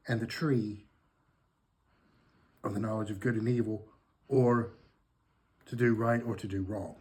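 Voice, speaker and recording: A man giving a folksy, animated devotional, retelling the story in a homespun, conversational way. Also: mid-range voice. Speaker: devotional speaker.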